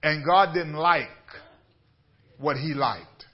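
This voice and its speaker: A man's voice: on the high side, slow, dull audio. A man, a bishop preaching a radio sermon, building up to emphatic repeated questions to his listeners. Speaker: bishop and pastor.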